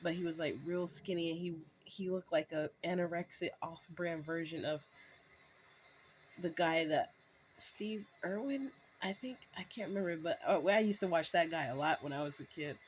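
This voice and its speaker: Speaking at a moderate pace in a lowish voice, this vlogger in her thirties rambles through a casual story to camera, restarting and using fillers, often laughing. There's slight background noise and the recording quality is low.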